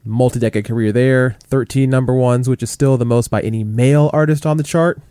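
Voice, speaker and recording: A man hosts a chart countdown in a relaxed, chatty way, with plenty of "you know" and "like" fillers. His voice is mellow and smooth. The mic is close and dry, with no room sound. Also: mid-range voice, a little fast, no room sound. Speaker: podcast co-host counting down chart hits. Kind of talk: casual chart countdown chat.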